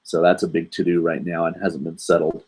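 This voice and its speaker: A man in his forties from the United States hosts a live online show and talks casually with viewers. His voice sits low. He rambles from one aside to the next, with plenty of ums and uhs. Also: level tone, brisk, a little mellow, husky. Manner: rambling, lots of fillers and asides. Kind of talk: casual live stream chat.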